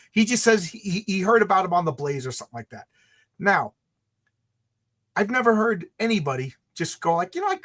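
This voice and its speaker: A man with a notably high voice, talking fast and heated on a livestream. He rants, swears and keeps acting out little quoted exchanges as he goes. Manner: animated, ranting, acts out quotes. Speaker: comic creator and channel host.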